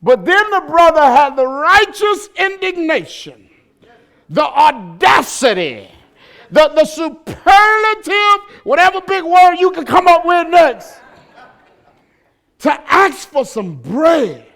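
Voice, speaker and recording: A male pastor preaching in a church with a very high voice for a man. His delivery is slow and drawn out, and his sermon often rises into animated shouting. He mixes in humor and call-and-response questions for the congregation. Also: creaky.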